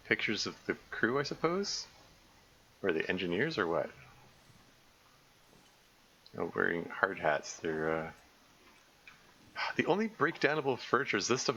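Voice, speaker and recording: A man with a very low, bright-toned voice chats his way through a survival game on a live stream, stumbling over restarts and correcting himself as he goes. The recording is a little dull and lo-fi, with a faint hiss underneath. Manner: rambling, self-correcting, frequent stammered restarts. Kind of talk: casual live-stream commentary. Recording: slightly dull lo-fi mic with faint noise.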